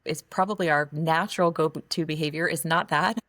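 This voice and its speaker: A woman's voice: low-pitched, steady tone, a little fast, a bit bright, no room sound, studio quality. A woman hosting a podcast interview, earnest and affirming toward her guest, also reading a sponsor spot. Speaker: podcast host.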